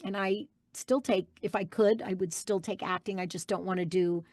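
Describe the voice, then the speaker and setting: A woman's voice: mid-range voice, fairly even intonation, normal speed, darkish tone, no room sound, clean studio sound. A woman guest voice actress giving an emphatic interview answer, insisting on her point and repeating key phrases.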